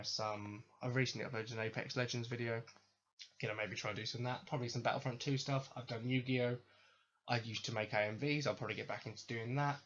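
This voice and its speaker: Man, solo podcast host, rambling and eager, slightly dull lo-fi mic, faint hiss. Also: mid-range voice. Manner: rambling, self-correcting, enthusiastic. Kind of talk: casual solo podcast monologue.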